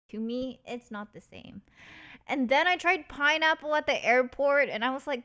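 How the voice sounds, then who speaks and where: A woman's voice: medium pitch, a bit bright. Chatty, giggly woman streamer. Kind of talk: casual stream chat.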